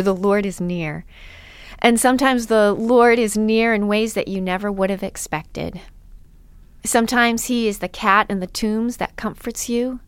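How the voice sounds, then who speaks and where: A woman giving a devotional teaching talk to preachers, earnest and emphatic, with repeated phrases and soft drops to a near whisper. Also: on the high side, clear, resonant tone, no room sound. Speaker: preaching instructor.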